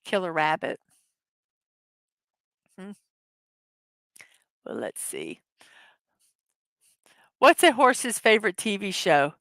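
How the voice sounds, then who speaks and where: A woman's voice: mid-range voice, huge pitch swings, slow, long pauses, a bit bright, no room sound. A woman hosting a casual morning livestream, chatting loosely, laughing easily at her own jokes and correcting herself mid-sentence. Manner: rambling, self-correcting. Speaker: livestream host.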